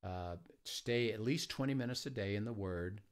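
A man who leads a ministry tells stories in a conversation, halting often with fillers and restarts and acting out the quoted dialogue. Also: on the low side. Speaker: ministry leader. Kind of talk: conversational storytelling.

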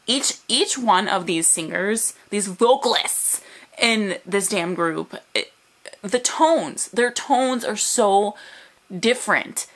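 A woman hosting a music video reaction vlog, gushing and emotional in an excitable, fangirling way over faint music. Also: mid-range voice, takes it slowly.

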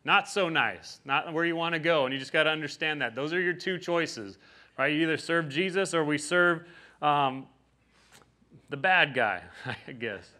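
A man's voice: a little high, normal speed, bright, forceful tone. A pastor giving a conversational sermon, often checking in with his listeners by asking "right?".

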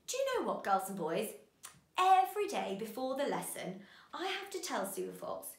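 A woman teaching a children's phonics lesson, giving bright, sing-song encouragement to young learners. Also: fairly high pitch, big pitch swings, moderate pace, roomy sound.

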